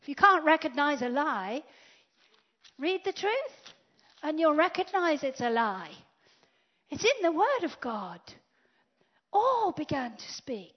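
A woman preaching a sermon, swinging from loud declarations to hushed whispers. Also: high voice, very animated, slow pace, pauses often. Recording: dull lo-fi sound.

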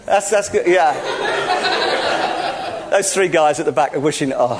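A man's voice: on the high side, measured pace, over a noisy crowd, very noisy. A man preaching in a church service, telling a story with jokes and laughter while directing volunteers. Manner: jokey, laughs often, animated storytelling. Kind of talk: playful interactive sermon, directing volunteers.

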